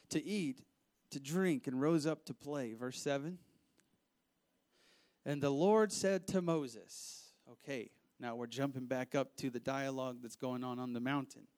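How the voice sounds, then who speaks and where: A married man preaching a sermon, reading scripture verse by verse and commenting in an animated way that rises to emphatic outbursts. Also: medium pitch, unhurried. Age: adult, married with children. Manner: animated, rising to emphatic outbursts, acts out voices.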